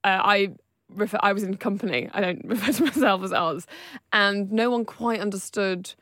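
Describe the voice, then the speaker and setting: A woman's voice: mid-range voice, normal speed, a bit bright, no room sound, studio quality. Chatty woman podcast host. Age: around 30. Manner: chatty, self-mocking, laughs often. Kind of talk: casual chat.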